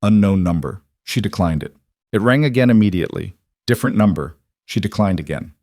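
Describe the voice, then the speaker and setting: A man reading a scripted drama story in an even, plain way. His voice is fairly low and the recording is dry and close. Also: brisk, no room sound. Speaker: narrator.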